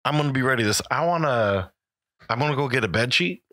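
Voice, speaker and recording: A man playing a tabletop horror game, talking in an excitable, joking way. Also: medium pitch, heavy background noise. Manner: excitable, joking, quick to laugh. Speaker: player. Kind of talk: casual tabletop game play.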